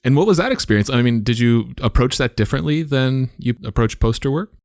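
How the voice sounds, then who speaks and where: A man hosting a podcast, asking relaxed, conversational questions. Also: medium pitch, a little fast, no room sound, clean studio sound. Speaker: podcast host. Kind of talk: casual podcast interview.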